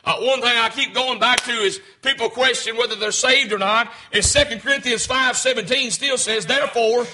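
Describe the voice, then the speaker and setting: A man with a Southern US rural accent, preaching a sermon as pastor, fervent and rising to shouts. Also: extremely high pitch, normal speed, few pauses, noisy background. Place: church sanctuary.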